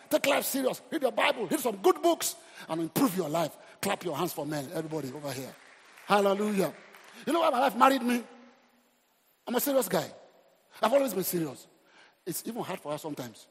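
A man's voice: extremely high pitch, creaky, slightly rough. A middle-aged Nigerian man preaching a humorous, exhorting sermon as pastor. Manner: animated, humorous, exhorting the crowd. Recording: reverberant hall.

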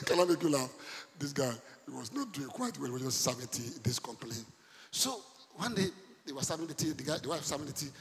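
A man preaching a sermon to a congregation, animated, quizzing his listeners and breaking into laughter and loud outbursts. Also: a little high, fast talker. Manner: animated preaching, sudden shouts and laughs, asks the congregation questions. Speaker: pastor. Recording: long hall reverb.

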